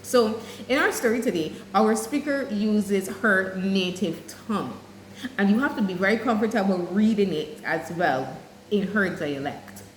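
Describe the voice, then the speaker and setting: A woman teacher giving an English lesson, explaining clearly and speaking straight to her students. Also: medium pitch, unhurried, a little hiss or hum. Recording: echoey room with faint ambience.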